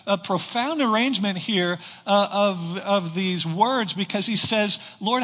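A man, a pastor, preaching a sermon with rhetorical questions and slowed-down emphasis on key words. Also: sits high, sharp tone. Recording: reverberant hall.

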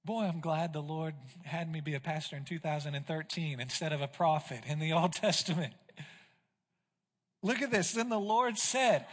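Male pastor, high-pitched, preaching with dramatic volume swings, long church reverb. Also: normal speed. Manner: dramatic, swings from loud to hushed. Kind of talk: sermon. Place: church sanctuary.

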